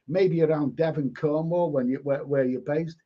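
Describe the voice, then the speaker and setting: An older man with a Liverpool accent, his voice sitting fairly high, hosts a live stream and reads out viewer comments. He rambles, repeats words and swears in a blunt, casual way. The sound is dull and lo-fi. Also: fairly even intonation, normal speed. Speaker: live stream host reading chat. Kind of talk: casual chat.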